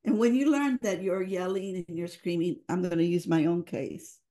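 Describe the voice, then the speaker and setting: A woman's voice: lowish voice, moderate pace, mellow. A woman leading a family program, telling earnest, emotional stories in a podcast interview and slipping into Spanish phrases. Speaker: family engagement program leader, guest. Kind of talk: heartfelt storytelling in a podcast interview.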